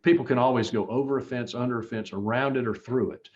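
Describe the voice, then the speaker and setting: A man's voice: mid-range voice, fast talker, darkish tone, highs cut off. A man running for office, answering interview questions in an earnest, emphatic way with frequent restarts. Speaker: political candidate.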